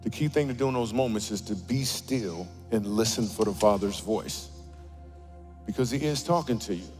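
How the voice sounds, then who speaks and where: A man preaching a comedic sermon in a church auditorium, telling stories with animated, playful asides. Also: lowish voice, moderate pace, soft background music. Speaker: guest speaker.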